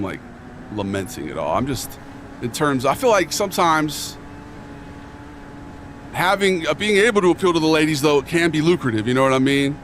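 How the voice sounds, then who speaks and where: A man's voice: on the high side, a little hiss or hum. Rambling, joking streamer guy. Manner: rambling, joking bro talk with mock earnestness. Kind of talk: casual chat while playing a game.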